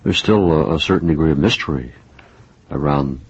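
Very deep husky male interviewer. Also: normal speed. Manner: brief, probing questions. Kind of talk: interview questions. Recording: dull lo-fi broadcast audio.

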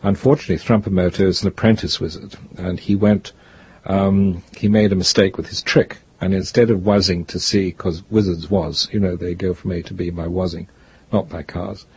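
An older man, a guest author, telling stories in an interview in a rambling, reflective way with a gravelly, husky voice. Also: deep voice, fairly even intonation, normal speed, darkish tone, muffled recording. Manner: rambling, reflective, restarts often. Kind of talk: interview, storytelling.

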